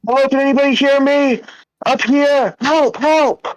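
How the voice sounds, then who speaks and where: A man playing a half-starved prisoner who has cracked, his voice sitting high and shrill. He yells, curses and sneers at the one holding him, swinging between raving and sarcastic mockery in a live comedy script read. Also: unhurried, no room sound, lo-fi sound. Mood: pleading. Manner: shouting, cursing, sarcastic. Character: starved unhinged captive man, furious and mocking.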